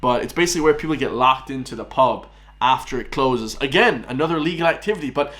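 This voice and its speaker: A young Irish man in his late twenties talks through a reaction video in a loose, chatty way. His voice sits at an ordinary middle pitch, and he keeps turning to his viewers as "guys", laughing along as he talks. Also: animated, fast, a bit bright. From Ireland. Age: 20s. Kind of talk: casual reaction commentary.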